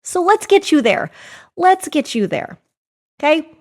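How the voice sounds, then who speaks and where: Young woman life coach on her podcast, hyped up and loud, highish voice, goes all quiet and slow for breath work. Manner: excitable, loud and pumped-up, repeating encouragements; soft, slow and hushed while guiding breath work. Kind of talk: excited motivational podcast talk, then a guided breathing exercise.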